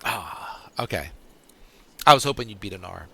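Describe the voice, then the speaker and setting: A man running a tabletop game as game master, pausing often as he works out rulings for the players. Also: fairly low pitch, expressive, gravelly, bright, forceful tone, breathy edge, dry recording. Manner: halting, full of fillers and restarts while deciding rulings.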